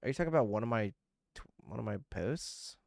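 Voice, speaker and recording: A man's voice: on the low side, lively intonation, fast talker, creaky, darkish tone, dry recording, clean studio sound. A young man streaming and chatting loosely with viewers, swearing and getting irritated as he rambles. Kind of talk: casual livestream chat with viewers.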